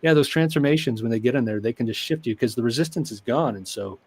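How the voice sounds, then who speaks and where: A man, a guest therapist, telling stories about clients in an animated way and acting out their voices. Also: medium pitch, quick pace, husky. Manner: animated, acts out quoted clients with laughs. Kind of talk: conversational storytelling.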